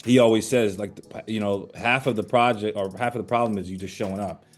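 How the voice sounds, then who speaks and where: An older actor guest in casual chat, telling animated anecdotes and acting out the voices he quotes. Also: lowish voice, fast talker, soft background music.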